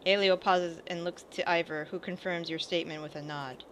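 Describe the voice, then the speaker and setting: A woman's voice: on the low side, steady tone, a little fast, fairly bright tone, slight background noise. A woman playing a video game and reading its dialogue aloud in a casual way, swearing now and then and commenting on the game as she goes. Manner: reads lines mostly without character voices. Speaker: let's play gamer.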